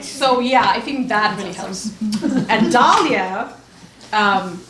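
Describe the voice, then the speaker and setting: A woman author speaking on a panel, telling lively stories about colleagues and acting out what they said. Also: medium pitch, slow pace. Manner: animated storytelling, acting out quoted friends. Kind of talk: panel discussion. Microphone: distant mic. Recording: echoey room, distant mic, noisy.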